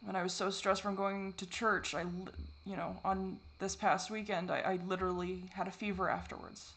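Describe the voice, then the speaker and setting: A man talking in a confessional vlog, halting and repetitive, swearing often, and shifting between distress and soft, wry self-deprecation. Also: high voice, little pitch movement, vocal fry. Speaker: vlogger.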